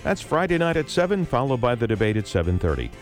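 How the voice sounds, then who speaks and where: Relaxed man hosting a radio talk show. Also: mid-range voice, fast, faint music behind. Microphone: studio microphone.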